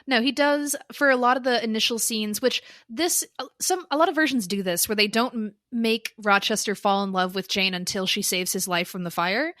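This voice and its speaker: A woman co-hosting a podcast in casual chat, lively and often laughing. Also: on the high side, moderate pace, hardly any pauses, no echo, studio quality. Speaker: podcast co-host.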